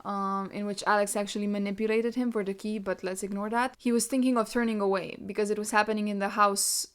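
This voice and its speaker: A woman's voice: medium pitch, little pitch movement, fast, smooth. A woman hosting a book podcast, chatting emotionally and gushing about a novel. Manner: gushing and emotional, reading quotes aloud. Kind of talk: casual book review chat.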